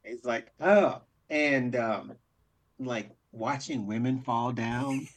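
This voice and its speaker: A man's voice: medium pitch, slow. A man co-hosting a casual talk show as a coach, easygoing and chuckling as he acts out little scenes. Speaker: coach and co-host. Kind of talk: casual chat.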